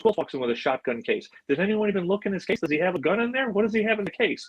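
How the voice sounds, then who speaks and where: A man putting on a brash, playful male movie star who talks in excited, teasing bursts. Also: high voice, rapid-fire, pitched above the performer's own voice.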